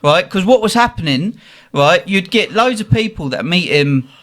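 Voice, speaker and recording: Lively man telling stories. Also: high-pitched, moderate pace. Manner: animated, acts out quotes in voices. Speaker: podcast host. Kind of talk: casual storytelling chat.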